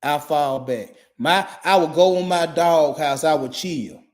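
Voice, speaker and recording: A man's voice: a little high, a little slow. Blunt, profane man in his forties. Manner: blunt, repetitive, emphatic and heavy with profanity. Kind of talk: profane motivational monologue.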